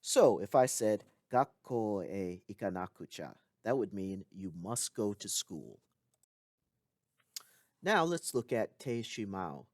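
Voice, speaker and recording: A man giving a recorded language lesson, explaining clearly with occasional casual asides. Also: lowish voice, very animated, slow, a little mellow, no echo, studio quality. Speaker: language teacher.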